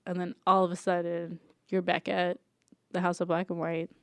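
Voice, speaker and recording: A woman's voice: on the low side, monotone, normal speed, gravelly, no echo. Chatty young woman recapping a show. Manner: chatty, lots of "like", acts out characters' lines. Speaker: podcast co-host. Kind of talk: casual recap chat.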